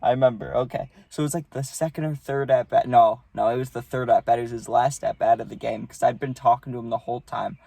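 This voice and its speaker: Gravelly young man rambling through a story. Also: mid-range voice, fairly even intonation, fast talker, few pauses, dark tone, no room sound. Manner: rambling, profane, lots of fillers like "you know" and "right". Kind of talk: casual storytelling to camera.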